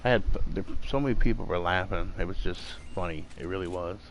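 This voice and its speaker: This gaming streamer talks fast in a low voice, chatting casually from his home room while playing. He rambles with many fillers and restarts, and the background is noisy.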